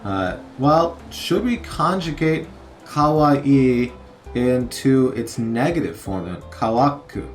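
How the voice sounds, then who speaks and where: A man in his thirties casually narrating a learning game, halting with many fillers as he sounds out vocabulary. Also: mid-range voice, lively intonation, soft background music. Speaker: streamer learning Japanese.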